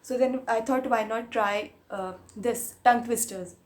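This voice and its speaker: A Marathi-speaking woman YouTuber with a slightly high voice chats unhurriedly on her vlog, reading tongue twisters aloud. She's chatty and giggly, switching between English and Hindi.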